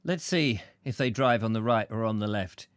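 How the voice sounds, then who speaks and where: A man's voice: lowish voice, animated, normal speed, over music. A man hosting a chatty show, rambling playfully and tripping over names as he reads out comments. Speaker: show host. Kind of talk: chatty live-stream banter.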